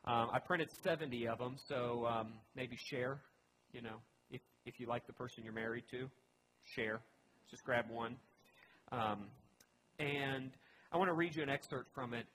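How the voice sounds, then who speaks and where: A man's voice: mid-range voice, normal speed, a bit bright, a little hiss or hum, rough recording. A man pastor giving a conversational sermon, earnest and emphatic, often restarting his phrases.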